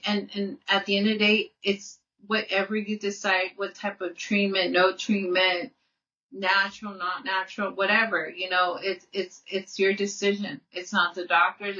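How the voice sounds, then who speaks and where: A woman's voice: mid-range voice, pushed and bright, distant mic. A woman co-hosting a podcast in casual chat. She talks earnestly, restarts often and repeats her words. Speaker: podcast co-host. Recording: muffled audio, off-mic.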